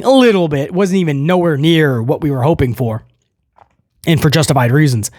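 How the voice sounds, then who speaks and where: A man's voice: fairly high pitch, dry recording, clean studio sound. A man reviewing a wrestling show, ranting with frustration in an emphatic, opinionated way.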